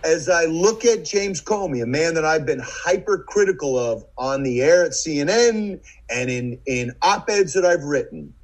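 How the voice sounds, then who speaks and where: A middle-aged man from the United States holds the floor as a podcast guest. He tells a vivid story in a slightly higher voice and acts out the lines of the people in it. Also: expressive, normal speed, few pauses, low-quality recording. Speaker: podcast guest, former FBI agent. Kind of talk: storytelling in conversation.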